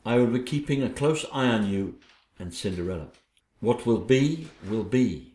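A man's voice: medium pitch, expressive, normal speed, a little mellow. A man acting in an amateur audio drama with a theatrical, menacing delivery. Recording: echoey room.

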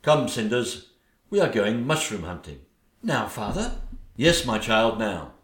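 A man's voice: on the low side, very animated, measured pace. A man voicing a bumbling, henpecked old king with a posh, dithering manner. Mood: flustered. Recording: echoey room.

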